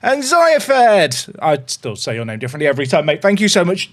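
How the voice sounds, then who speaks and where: Lively, high-voiced man streaming. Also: a little fast, few pauses. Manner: chatty, upbeat, greets viewers. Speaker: livestreamer. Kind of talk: casual livestream chat. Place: home office.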